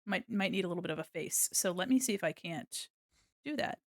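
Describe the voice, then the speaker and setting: A young woman chatting casually on a livestream while she draws, swearing freely, laughing often and softly singing along. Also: lowish voice, expressive, brisk, no echo, clean studio sound. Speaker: streamer.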